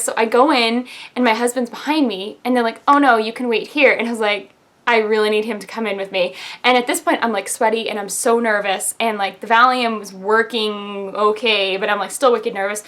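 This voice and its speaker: A woman's voice: on the high side, fairly bright tone. A young woman telling a personal story to camera in a chatty vlog, filling her talk with "like" and acting out what others said. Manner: chatty, lots of "like", quotes others in raised voice. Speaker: vlogger.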